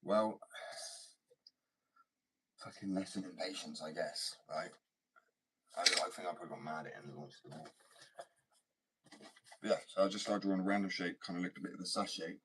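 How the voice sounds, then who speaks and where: A man's voice: low-pitched, moderate pace, long pauses. A young man rambling casually and swearing, often dropping to a whisper. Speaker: vlogger. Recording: far from mic, faint noise.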